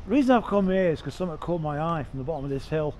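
A middle-aged man talks his way through a village on a walking tour. He is chatty and easily delighted, with a fairly high voice. His action camera also picks up faint background noise. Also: lively intonation, very fast, a little mellow, low-quality recording. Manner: enthusiastic, admiring, chatty. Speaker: vlogger touring villages. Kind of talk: walking tour vlog narration. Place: outdoors in a village, then inside a small shop. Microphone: action camera mic.

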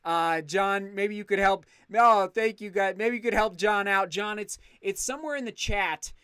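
Livestream host, male, effusive and excitable; smooth, resonant tone. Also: sits high, moderate pace, no echo, studio quality. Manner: excitable, effusive thanks, frequent restarts. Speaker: channel host reading live chat. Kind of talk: casual livestream chat.

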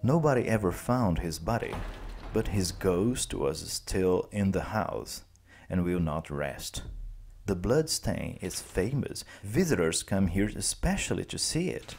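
A man teacher narrating a classic story slowly and clearly for language learners. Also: sits low. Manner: slow, clear, expressive.

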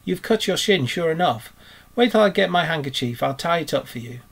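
A kindly, practical male rat from a storybook, speaking in a brisk, cheery way, pitched a little above a plain reading voice, as a man reading aloud puts him on. His tone is husky and reassuring. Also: lively intonation, exaggerated voice.

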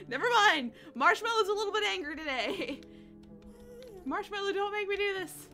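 A high-voiced woman gives let's-play commentary over background music. Her pitch leaps all over the place as she coos at creatures and yelps at sudden danger. It is an animated, conversational gaming delivery. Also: slow pace, long pauses. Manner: chatty, talks to game creatures, bursts into excited shrieks. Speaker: gaming channel host.

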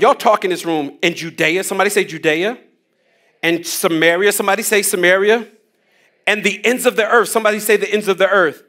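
A man's voice: high voice, fairly bright tone. A man leading a church Bible study on a headset mic, teaching with energy, casual slang and call-and-response lines to the room.

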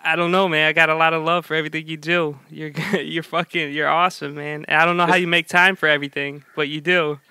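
A man's voice: on the high side, little pitch movement, fast, hardly any pauses, bright, forceful tone, clear, resonant tone, no room sound. A man co-hosting a podcast, speaking in an effusive way with many fillers. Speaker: podcast co-host. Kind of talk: casual podcast chat.

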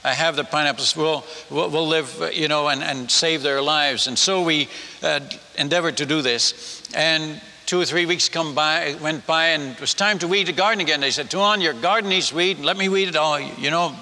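A man's voice: on the high side, normal speed, pushed and bright. Older Dutch man preaching in a hall. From Netherlands. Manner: folksy, humorous, with many restarts. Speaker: missionary speaker. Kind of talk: storytelling sermon. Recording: long hall reverb with faint noise.

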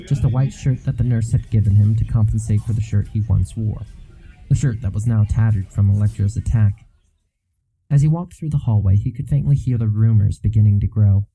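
A man narrating a fantasy novel as an audiobook in a steady, even storytelling manner. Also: fairly low pitch, rough recording.

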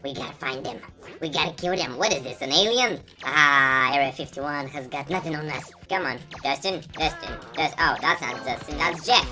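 A woman's voice: sits low, normal speed, bright, forceful tone. A woman giving playful let's-play commentary, chatty and teasing as she talks to the characters on screen. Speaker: gameplay commentator. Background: game music.

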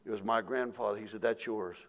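A man's voice: lowish voice, fairly even intonation, a little fast, vocal fry. Older male pastor, folksy storyteller, acts out voices mid-sermon.

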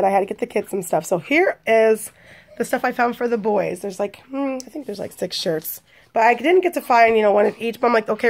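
Chatty young woman with gravelly tone. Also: fairly high pitch. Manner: chatty, excited about bargains, talks straight to viewers. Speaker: vlogger. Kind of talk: casual shopping haul video.

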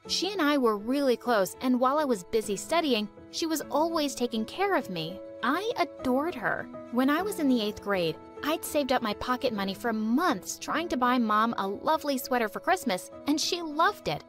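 Brief: woman playing earnest teen girl narrator, high and very lively, soft music under. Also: moderate pace, few pauses. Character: earnest teenage girl narrating her family troubles. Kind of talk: animated story narration.

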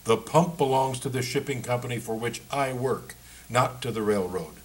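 A man's voice: mid-range voice, normal speed, voice pushed up, natural voice. A man reading the lines of a big, blunt German dock worker who demands payment. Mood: blunt, demanding.

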